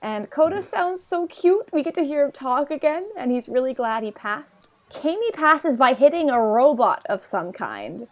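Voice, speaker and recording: A woman's voice: high-pitched, sing-song, moderate pace, hardly any pauses. A young woman co-hosting a podcast, recapping anime scenes in casual chat, full of "like" fillers. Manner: chatty, recounts scenes, many "like" fillers. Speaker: podcast co-host.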